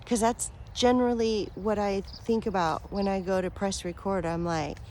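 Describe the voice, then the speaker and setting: A woman talking straight to her viewers as a spiritual vlogger, earnest and affectionate, rambling with fillers and soft laughs. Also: medium pitch, fairly even intonation, normal speed, slight background noise. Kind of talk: heartfelt direct-to-camera talk.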